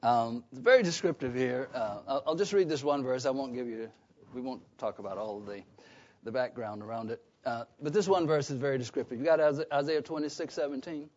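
A man's voice: mid-range voice, fairly quick, a little mellow. A man preaching a sermon, emphatic and conversational, often asking the listeners questions. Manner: emphatic, asks the congregation questions. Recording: dull lo-fi recording.

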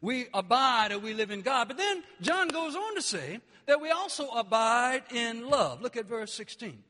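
A man preaching a sermon with passion, dropping low and then rising to shouts. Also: sing-song, normal speed, long reverb tail. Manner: impassioned, swings between quiet and shouting.

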